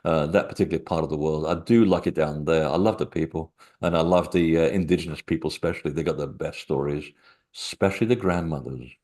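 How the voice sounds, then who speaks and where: A man's voice: a bass voice, fast talker, a little mellow. A middle-aged man, a guest author, talking casually in an interview and telling rambling anecdotes with many fillers.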